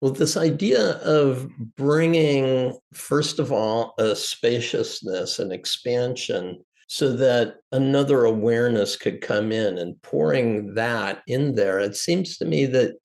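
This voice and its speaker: Male podcast host, gravelly voice, takes his time, thoughtful, sums up what the guest said. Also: mid-range voice, darkish tone. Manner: measured, thoughtful, paraphrases the guest. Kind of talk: interview talk.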